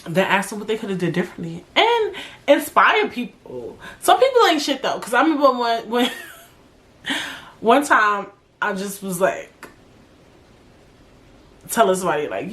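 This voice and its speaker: A woman's voice: mid-range voice, measured pace, pauses often. A young woman hosting a solo podcast, talking casually and bluntly, with a lot of swearing and slang. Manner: blunt, profane, animated, drawling slang. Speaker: podcast host.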